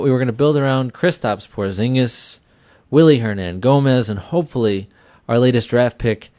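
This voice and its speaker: A man in his thirties hosts a casual sports talk radio show in a small studio, his voice sitting on the low side and sounding close and dry. He talks with lots of energy and chatty asides, and keeps repeating phrases for emphasis. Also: darkish tone, dry recording. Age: 30s.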